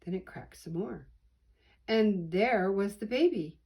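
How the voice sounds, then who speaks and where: An older woman, a grandmother, reading a children's picture book aloud slowly and expressively. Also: mid-range voice, slightly rough. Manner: slow, deliberate, expressive reading. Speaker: storyteller.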